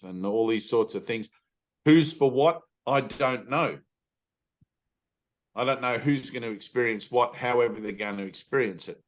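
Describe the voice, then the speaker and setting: A man's voice: mid-range voice, a little slow, long pauses. A middle-aged man leading an informal spiritual talk with his students, speaking emphatically and bluntly, with the odd swear word. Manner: emphatic and blunt, swears, acts out inner voices. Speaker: spiritual teacher.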